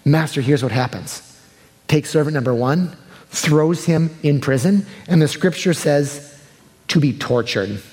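A man preaching a sermon in a relaxed, chatty way that often softens into quiet earnestness. His voice sits a little higher than most men's. It rings out with a long reverb through a church sanctuary. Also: unhurried. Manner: casual, conversational preaching that shifts to soft and earnest. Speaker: pastor.

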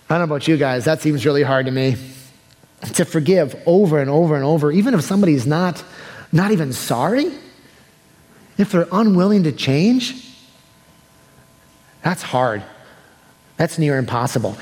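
A pastor preaching a sermon in a relaxed, conversational way that turns soft and earnest. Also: male voice, on the high side. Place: church sanctuary. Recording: long hall reverb.

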